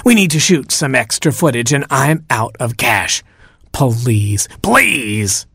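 A man's voice: medium pitch, very animated, slow, fairly bright tone, breathy edge, no echo, studio quality, full character voice. A man doing a desperate stag director. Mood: pleading. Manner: pleading, pushy. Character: desperate male stag king, film director.

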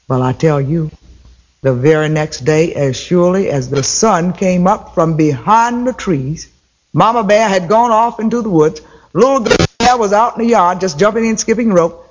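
High-voiced man telling a folktale. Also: moderate pace. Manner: rhythmic, repetitive, folksy. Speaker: storyteller. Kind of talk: folktale storytelling.

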